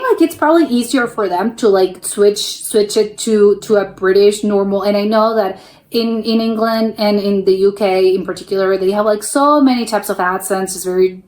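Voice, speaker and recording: A woman's voice: mid-range voice, darkish tone. An American woman hosting a reaction video, musing aloud in a chatty, rambling way with many restarts. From United States. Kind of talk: casual reaction commentary.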